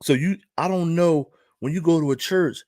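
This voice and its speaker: In a voice on the high side with a dark tone, a Philadelphia-accented male vlogger tells a loose, rambling story at normal speed. He repeats himself and keeps asking "right?". The studio-quality recording is dry.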